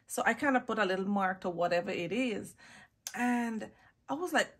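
A woman's voice: fairly high pitch, brisk, breathy edge. A woman chatting casually in a perfume haul vlog, gushing and drawing out words for emphasis, recorded close on a phone or camera mic. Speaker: fragrance vlogger.

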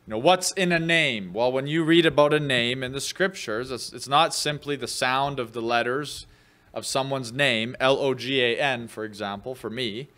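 A man's voice: mid-range voice, normal speed, fairly bright tone. A man preaching a midweek sermon as pastor, teaching in a conversational way with fillers, and lifting his voice when he reads quoted scripture. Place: church.

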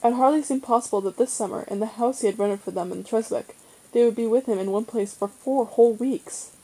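A woman reading a children's novel aloud in a steady, measured storytelling manner. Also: a little high, poor audio. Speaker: reader.

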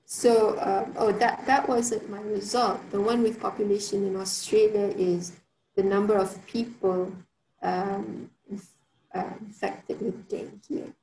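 A woman's voice: mid-range voice, little pitch movement, unhurried, gravelly, darkish tone, slight background noise. Chatty woman in an echoey room. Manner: chatty, many fillers and restarts. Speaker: workshop speaker. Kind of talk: online workshop talk. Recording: roomy sound with faint ambience.

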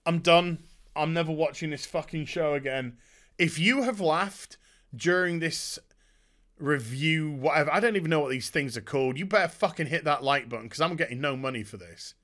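A man's voice: a little high, normal speed, a bit bright. A man giving a profane, sarcastic rant about a TV show. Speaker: YouTube TV reviewer. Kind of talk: ranting TV review.

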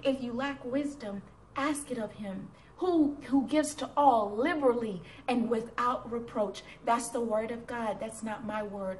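A woman's voice: a little high, measured pace, darkish tone, slight background noise. A woman giving an earnest, encouraging devotional sermon and reading a poem with growing fervor, speaking to her computer camera. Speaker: Christian speaker. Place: at home before a computer. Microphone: computer webcam.

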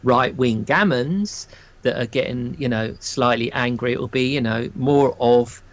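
A man from England, co-hosting a casual chat and talking hesitantly with frequent pauses. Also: mid-range voice. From southern England. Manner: hesitant, full of ums and restarts. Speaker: co-host.

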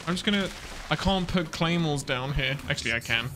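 A man streaming a video game, rambling and quick to laugh and exclaim as he plays. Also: on the high side, animated, background noise. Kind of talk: casual live gameplay commentary.

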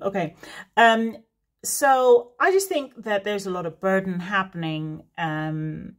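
A woman giving a casual, unscripted reading as a host, talking in a chatty, rambling way with frequent laughing digressions. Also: lowish voice. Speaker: tarot reader.

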